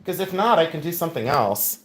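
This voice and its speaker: A man's voice: on the high side, sing-song, a little fast, a bit bright, husky. A man hosting a live jewelry sale stream. He jokes, giggles and mocks himself while chatting straight to his viewers. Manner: joking, giggly and self-mocking. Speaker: livestream jewelry seller. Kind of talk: live sales stream chat.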